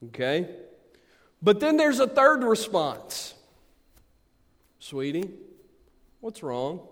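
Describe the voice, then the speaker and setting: A man preaching a sermon, swinging from booming emphasis to quiet asides. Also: very animated, slow pace. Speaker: pastor. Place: church sanctuary. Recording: long hall reverb.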